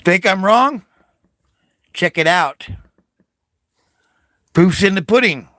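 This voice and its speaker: An older American man rants straight at the listener, swearing hard and daring his target to fight. His voice sits a bit high for a man, and he drags his words out slowly, leaning on each one. The sound is dry and close. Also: lively intonation, a bit bright, no room sound. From United States. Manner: profane, confrontational, taunting. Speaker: Navy veteran vlogger. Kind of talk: angry political rant to camera.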